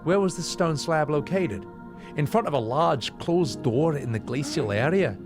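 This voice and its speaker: A man's voice: a little high, animated, unhurried. A man voicing a grumpy, sarcastic young male diver in a raised, incredulous voice, game music behind him.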